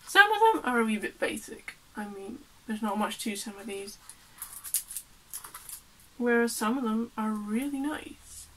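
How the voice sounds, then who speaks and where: A woman's voice: fairly high pitch, expressive, unhurried, long pauses. Chatty woman artist, laughs a lot, noisy background hiss. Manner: rambling, chatty, laughs often. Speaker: artist vlogger. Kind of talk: casual chat while unpacking.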